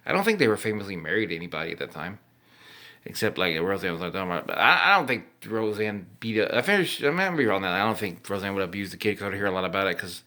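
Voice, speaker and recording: A man's voice: sits low, expressive, racing, bright, forceful tone. A drunk young man rambling and swearing as he reacts to old commercials, laughing often. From Texas.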